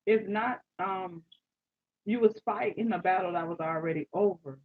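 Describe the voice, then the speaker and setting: A woman giving a live tarot reading, animated, exclaiming and repeating phrases to her listeners. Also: mid-range voice, moderate pace, a little hiss or hum. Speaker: tarot reader. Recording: dull lo-fi sound.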